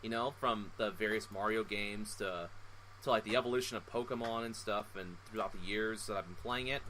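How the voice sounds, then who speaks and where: Bright-voiced young man rambling casually. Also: on the low side, a little fast, a little hiss or hum, poor audio. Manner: rambling, full of fillers, reminiscing. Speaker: podcast co-host. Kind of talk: casual chat.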